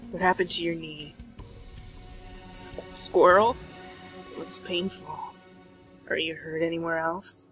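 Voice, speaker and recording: A woman voicing a possessive, obsessive young man, reading game dialogue in a soft, low, quietly intense way. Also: steady tone, unhurried, long pauses, soft background music. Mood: cold, possessive. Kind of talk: reading visual novel dialogue aloud.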